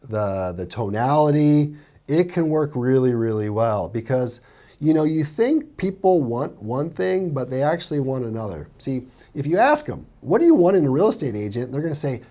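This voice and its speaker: Real estate coach guy, mellow tone, really lively up-and-down delivery, acts out what clients say. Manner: animated, acts out buyers' lines in a higher voice. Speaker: real estate coach reacting to a sales call. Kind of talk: commentary on a played clip.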